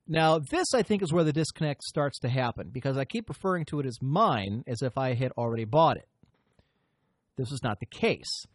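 A man's voice: medium pitch, lively intonation, normal speed, dry recording. A man hosting a podcast, telling a long story in a rambling, profane way and often interrupting himself. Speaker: podcast host. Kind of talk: casual storytelling chat.

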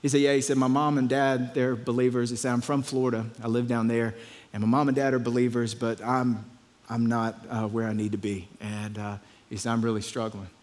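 A man's voice: mid-range voice, level tone, fairly quick, darkish tone, in a large hall. A pastor telling a story in a conversational sermon, often repeating his words.

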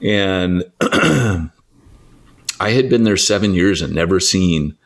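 A low-voiced man, a church planting author, teaching in a relaxed conversational way. He tells stories with lively energy, slips into quick acted-out voices and restarts his sentences often. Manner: animated storyteller, acts out quoted voices, frequent restarts.

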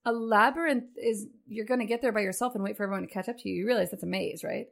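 A woman's voice: medium pitch, fairly even intonation, racing, gravelly. A woman co-hosting a casual gaming podcast, playful and teasing, swearing freely as she chats. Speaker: podcast co-host.

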